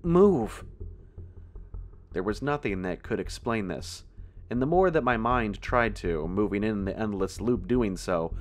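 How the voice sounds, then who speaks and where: A man with a fairly low voice reads a first-person horror story aloud. His telling is tense and measured, steady through the scary scenes. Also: a little hiss or hum. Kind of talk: scripted horror narration.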